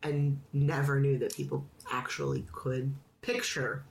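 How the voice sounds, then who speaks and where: A woman's voice: rumbling low, little pitch movement, unhurried, vocal fry. A woman in her thirties co-hosting a podcast, chatting casually and laughing often. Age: 30s. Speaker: podcast co-host. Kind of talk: casual chat.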